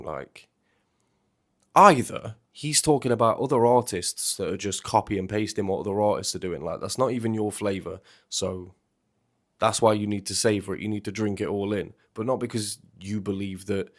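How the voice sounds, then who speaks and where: A man hosting a music reaction video, chatting in an animated, rambling way and swearing freely. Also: fairly low pitch. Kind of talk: casual reaction commentary.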